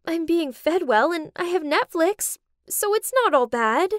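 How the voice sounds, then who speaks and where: A woman voicing Tracy, an earnest, principled young woman in an animated story. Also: very high-pitched, measured pace, no room sound, studio quality. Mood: reassuring.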